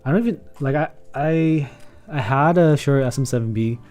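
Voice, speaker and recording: A man with a mellow, dark voice rambles through a casual live stream, picking up chat questions and correcting himself mid-sentence. He sits at a home desk and talks into a condenser mic. Soft music plays faintly behind him. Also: a little high, moderate pace. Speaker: keyboard streamer. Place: home room with sound panels in a corner. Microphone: condenser microphone at desk.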